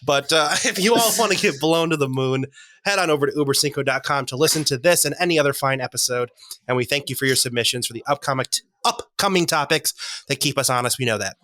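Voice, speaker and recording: A man's voice: medium pitch, sharp tone, dry recording. A man hosting a comedy podcast, joking and laughing as he reads promos and introduces the contestants. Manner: jokey, reads promos quickly, laughs often. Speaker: host.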